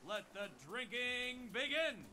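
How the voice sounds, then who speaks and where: A man's voice: very high-pitched, takes it slowly, crowd noise. An actor voicing a showy male pirate who announces a tavern drinking contest in a video game. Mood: announcing.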